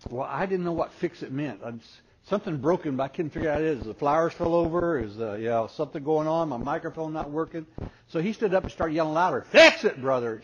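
A little high and breathy-edged, this man's voice carries humorous preaching at a parenting conference. Before a hall audience, he tells funny stories and animatedly acts out people's voices. The lo-fi recording sounds dull, with faint noise.

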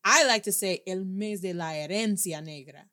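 Woman host, upbeat language teacher; bright, forceful tone, street slang, easy code-switching. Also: mid-range voice, normal speed. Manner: energetic, slangy, switches between English and Spanish. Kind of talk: upbeat casual language lesson.

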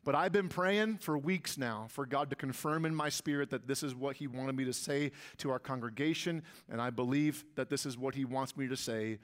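A man's voice: medium pitch, moderate pace, few pauses. A man preaching a sermon as pastor, with emphatic delivery that rises and swells on key lines.

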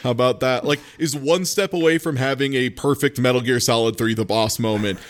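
A man in casual conversation, retelling a story with lots of energy and jumping into quick impressions of the characters. His voice sits at an ordinary middle pitch. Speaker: podcast co-host recapping an anime. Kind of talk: casual chat.

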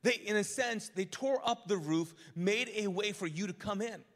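A man preaching a live sermon as pastor, animated and joking, often restarting his sentences and acting out what people in the church say. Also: high-pitched, moderate pace. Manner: animated, joking, frequent restarts, acts out congregants' lines. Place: large church auditorium. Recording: long hall reverb.

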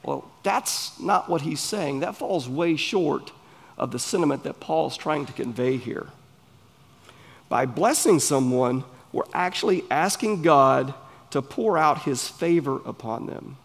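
A man with a Southern US accent, preaching a sermon in an earnest, emphatic way with pauses between phrases. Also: fairly high pitch, animated, creaky. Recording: long hall reverb.

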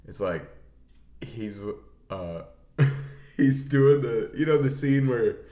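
Animated young man in an echoey room. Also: medium pitch, takes it slowly. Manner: animated, swears a lot, acts out scenes. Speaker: podcast co-host. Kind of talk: casual movie chat.

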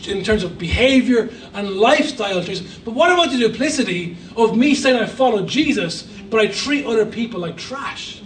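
A man's voice: extremely high pitch, roomy sound, far from the mic, slight background noise, rough recording. A man preaching a sermon as a guest pastor, emphatic with humorous asides. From Ireland. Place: church hall.

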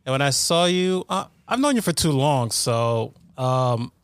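A man's voice: mid-range voice, expressive, a little slow, clean tone, no room sound, clean studio sound. A man co-hosting a casual podcast chat, mostly giving short replies while listening. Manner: brief, backchannels while listening. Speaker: podcast co-host.

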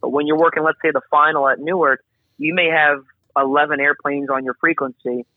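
A fairly high-voiced man, an air traffic controller, talks through his work in a chatty, animated way, piling on asides and acting out radio calls. His voice arrives dry and tinny, as if over a phone line. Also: fairly quick, no room sound. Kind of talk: casual interview explanation.

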